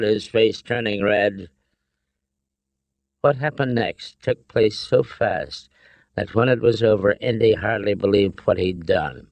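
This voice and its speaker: A male audiobook narrator reading with slow, deliberate care in a lowish voice. The recording is dry and close, with no room around it. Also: darkish tone, dry recording. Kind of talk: scripted narration.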